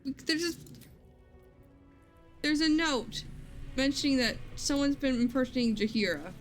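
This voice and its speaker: A woman streamer with a higher voice chats casually while she plays, thinking aloud as she goes. A little game music plays faintly behind her. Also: animated, a little slow. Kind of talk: casual gameplay commentary.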